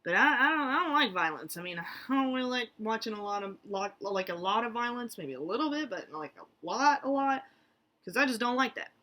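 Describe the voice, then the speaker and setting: A young adult woman, an American therapist, talking casually to camera with lots of fillers, restarts and animated asides. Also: a little high, fairly quick. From United States. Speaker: therapist vlogger. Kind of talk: casual talking-head vlog.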